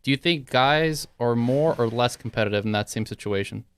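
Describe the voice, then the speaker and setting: A man's voice: mid-range voice, a little fast, clear, resonant tone. A man in his thirties co-hosting a podcast, laid-back but swearing freely and getting fired up. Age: 30s. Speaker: podcast co-host. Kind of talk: casual podcast banter.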